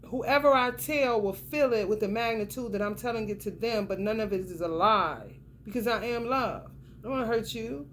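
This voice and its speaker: A woman with a slightly high voice gives a casual tarot reading, talking straight to whoever is watching. She is blunt and cusses freely, leaning hard on her words for emphasis. Faint background noise sits under her voice. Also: normal speed. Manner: blunt, profane and emphatic, talks straight to the viewer. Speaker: tarot reader.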